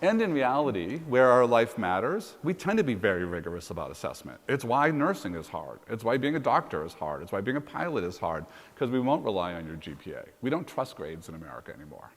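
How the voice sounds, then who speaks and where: Fast-talking deep-voiced man telling stories. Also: sing-song. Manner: brisk anecdotal storytelling. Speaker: university president being interviewed. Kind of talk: conference fireside chat. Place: conference hall stage. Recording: long reverb of a conference hall.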